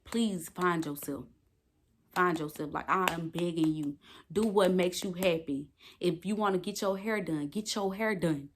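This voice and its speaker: Emphatic young woman vlogger, low voice. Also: measured pace, a little hiss or hum. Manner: emphatic, preachy, swears freely. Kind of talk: casual talk to camera. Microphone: phone.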